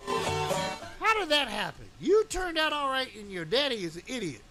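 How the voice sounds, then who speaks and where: Radio morning host, male, very high voice, animated riffs, loud music bed behind. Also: moderate pace. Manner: animated, riffing, chanting and shouting in bursts. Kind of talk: loose on-air banter and ranting. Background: music playing.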